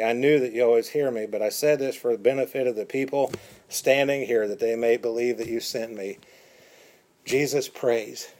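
A man preaching a sermon, switching between calm teaching and animated, dramatic quotes. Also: medium pitch. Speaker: pastor.

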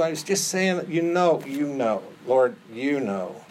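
A man's voice: a little high, lively intonation, measured pace, few pauses, slight background noise. A man preaching a sermon in an earnest tone, acting out the quoted prayers with rising intensity. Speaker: pastor.

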